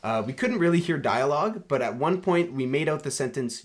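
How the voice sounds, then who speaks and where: A young man from Canada co-hosting a podcast. He tells stories in an animated, laughing way, with plenty of casual filler words. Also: a little high, brisk. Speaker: podcast co-host. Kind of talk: casual storytelling chat.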